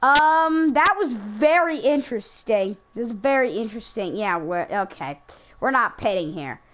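A woman's voice: on the high side, lively intonation, moderate pace, fairly bright tone. A woman giving casual, self-mocking running commentary while she plays a racing game, exclaiming whenever cars crash. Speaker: gaming YouTuber racing in an online league.

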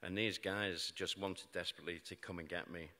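Deep-voiced British man telling a story on stage. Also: steady tone, a little fast, bright, forceful tone. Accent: British English. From Britain. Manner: wry, self-mocking humour about grim events. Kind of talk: live storytelling talk. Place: large hall before an audience. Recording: live hall with long reverb.

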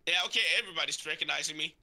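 A regular on a gaming channel talks with friends during a live game, whining and complaining melodramatically. His voice is a little high and sharp, and he speaks in rapid bursts.

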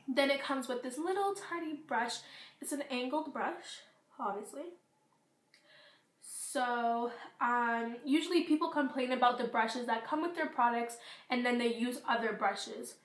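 A teenage girl chatting through a beauty product review, rambling with fillers, her voice going hoarse. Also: fairly high pitch, measured pace, echoey room. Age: teens. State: losing her voice. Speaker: beauty vlogger. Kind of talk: casual product review vlog.

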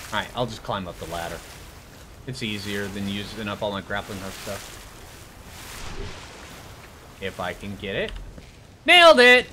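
A slight hiss or hum accompanies this man's lowish, sharp-toned voice. He runs his own gaming channel and chats casually and upbeat during play, often talking to himself.

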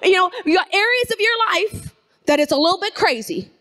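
A woman preaching an energetic sermon, calling on the congregation to repeat phrases after her. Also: very high voice, a little fast. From Canada. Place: church sanctuary.

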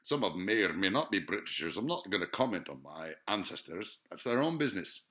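Rambling, swearing man, forceful voice. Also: low voice, sing-song, a little fast. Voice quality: profane, rambling, lots of filler sounds. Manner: digressive, musing, asks rhetorical questions. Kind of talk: rambling monologue to camera.

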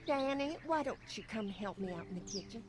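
Woman as a sweet Southern farm hostess in a game, lively, gushing drawl, higher voice. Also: brisk, natural voice. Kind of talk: video game voice acting.

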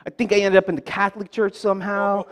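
A male preacher with a strikingly high voice delivers a sermon in church. He leads the congregation in call-and-response and slips in playful joking asides between his points. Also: level tone, fast.

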